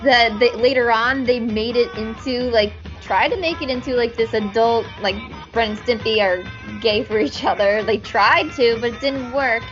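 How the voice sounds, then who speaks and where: A woman's voice: fairly high pitch, moderate pace, hardly any pauses, music in the background. A woman guest chatting casually on a podcast, rambling with lots of fillers and frequent laughs. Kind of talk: casual chat. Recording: dull lo-fi audio.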